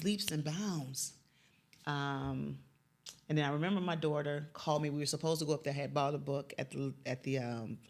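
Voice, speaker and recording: A woman's voice: low voice, gravelly. A middle-aged woman from Chicago's West Side, a youth mentor, telling a personal story of faith and loss, dropping to a near whisper when moved. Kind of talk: emotional personal interview.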